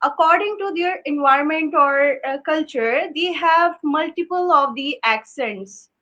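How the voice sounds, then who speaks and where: High-voiced hesitant woman host. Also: unhurried, sharp tone, dull audio. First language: Urdu. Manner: hesitant, many uh fillers. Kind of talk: interview questions.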